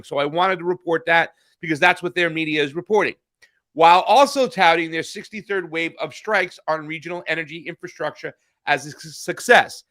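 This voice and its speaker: A man's voice: on the high side, brisk, sharp tone. A man co-hosting a political news podcast, talking heatedly in casual chat, swearing and restarting his sentences. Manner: heated, profane, frequent restarts. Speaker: podcast co-host.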